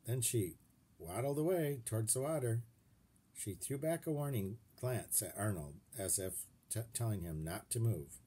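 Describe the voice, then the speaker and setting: A man reading a children's chapter book aloud, stopping to point out pictures and ask his young listeners questions. His voice is mellow and slightly husky, and it rises and falls in lively swings. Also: fairly low pitch, normal speed. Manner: expressive, checks in with listeners. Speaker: reader to children.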